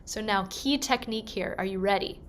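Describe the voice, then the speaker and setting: A woman voice teacher leading a gentle, encouraging vocal warm-up lesson and demonstrating the sounds herself. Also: medium pitch, brisk, a little hiss or hum.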